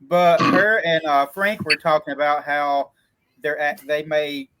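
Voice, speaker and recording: A man's voice: on the high side, steady tone, unhurried, background noise. A man with a Southern Kentucky accent, hosting a casual chat about filmmaking, talking in rambling bursts with many stammered restarts. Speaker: host, indie filmmaker.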